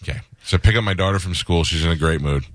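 Man, middle-aged, radio host, low voice, dry studio mic, animated storyteller. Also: fast talker, dry recording. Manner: animated storyteller acting out quotes. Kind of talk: casual radio banter.

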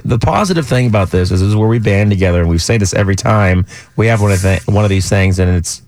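A young male radio host from California talks quickly in a slightly low voice, earnest and halting, with frequent restarts. The studio sound is dry and close, with no room around it. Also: a little mellow, no echo. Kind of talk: casual radio talk. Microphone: studio microphone.

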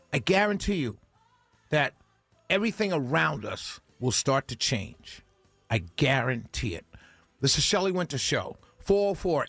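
Radio host guy, high voice, preachy and repetitive, dry studio sound. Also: gravelly, a bit bright, breathy edge, no room sound. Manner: preachy, repeats himself, rhetorical questions. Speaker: radio talk show host. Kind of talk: talk radio monologue. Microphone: studio microphone.

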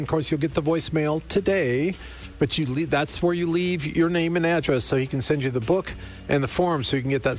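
A man co-hosts a radio talk show with a slightly higher voice and a friendly tone. He chats casually and reads promos and station breaks, with faint music playing behind him. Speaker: radio co-host.

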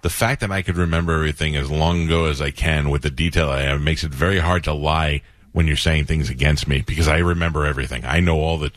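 A man with a New York accent hosting a radio show, telling stories in an animated way with quick laughs. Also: a bass voice, no echo. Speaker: radio host. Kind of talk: casual radio chat.

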